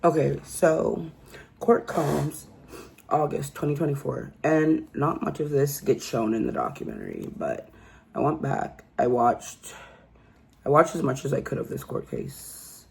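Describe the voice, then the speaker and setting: A woman's voice: very deep voice, very animated, unhurried, vocal fry, darkish tone. A woman giving a casual true crime commentary, telling the story emphatically and incredulously and often asking "okay?".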